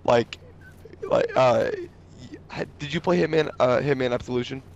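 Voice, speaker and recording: A man with a sore, hoarse throat chats over a video game, his voice rough and gravelly with fry. He talks in halting fragments and restarts, laughing along with his friend. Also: mid-range voice, muffled recording, a little hiss or hum. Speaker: co-host playing a video game. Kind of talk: casual gameplay chat.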